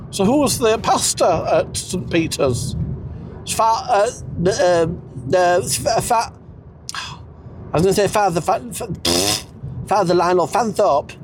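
A man rambles through a comedic character chat in a deadpan, snobbish way. His slow delivery swings widely in pitch, and a faint hum sits behind him.

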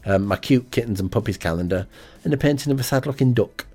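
A man hosting an amateur radio show in a rambling, hesitant, deadpan comic monologue full of ums. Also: medium pitch, fast, soft background music.

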